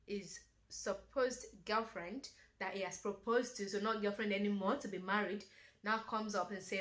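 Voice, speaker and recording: A young woman vlogger casually retelling a movie plot, animated, acting out the characters' lines and peppering her talk with "you know". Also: mid-range voice. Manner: animated retelling with acted-out quotes, many "you know" fillers. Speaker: beauty and lifestyle vlogger. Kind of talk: casual storytelling commentary.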